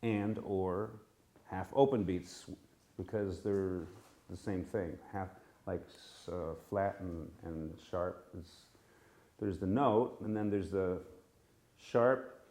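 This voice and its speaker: Casting: man, informal class leader, slow and unhurried, easygoing and self-correcting. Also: low-pitched. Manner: relaxed, halting, self-correcting, chuckles at himself. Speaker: music teacher leading a class. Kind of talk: informal live class instruction. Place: temple room with a live group.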